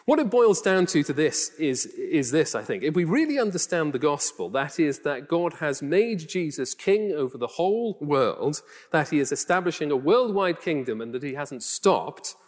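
A man's voice: fairly high pitch, big pitch swings, moderate pace, few pauses. A man from Newcastle with a toned-down Geordie accent, preaching a conversational sermon full of rhetorical questions and self-deprecating asides. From Newcastle, England. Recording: long reverb of a church hall.

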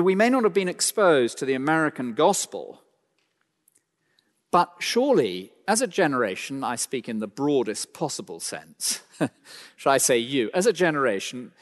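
A man preaching a sermon, swinging between loud emphatic lines and quiet slowed phrases, with dry asides. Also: medium pitch. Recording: long hall reverb.

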